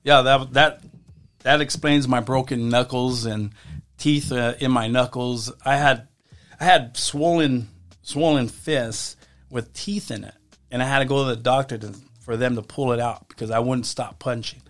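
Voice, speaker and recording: A man as a podcast guest, telling stories from his past in a casual, halting way, often restarting his sentences. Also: mid-range voice, fairly even intonation, fairly bright tone. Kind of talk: casual storytelling.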